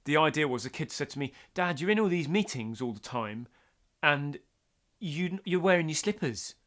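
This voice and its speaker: A man's voice: a little high, expressive, normal speed, a bit bright. A middle-aged man from the UK giving a casual songwriting lesson, chatty with self-deprecating asides. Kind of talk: casual instructional talk.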